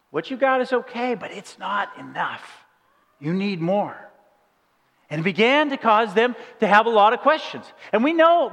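High-voiced preacher in a reverberant hall. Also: male voice, a bit bright. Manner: storytelling, playful asides to the congregation. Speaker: pastor. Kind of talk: sermon.

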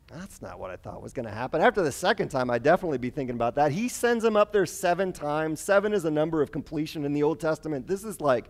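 A man teaching a conversational Bible lesson, retelling stories animatedly with casual asides and fillers. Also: a little high.

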